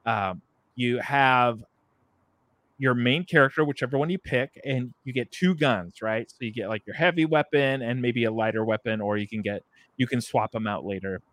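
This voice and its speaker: A man on a podcast talks casually about games at a middling pitch, circling his point with ums and restarts. His voice is recorded close and dry, with no room sound. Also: moderate pace, fairly bright tone, no room sound. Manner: rambling, many fillers and restarts. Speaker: podcast co-host. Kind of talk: casual video game discussion.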